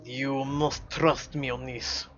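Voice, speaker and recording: A man's voice: medium pitch, level tone, slow pace, a bit bright, highs cut off, soft background music. A man putting on a hulking Russian-accented tough guy. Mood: grave. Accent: put-on Russian accent. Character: gruff Russian-accented big man, grave and protective.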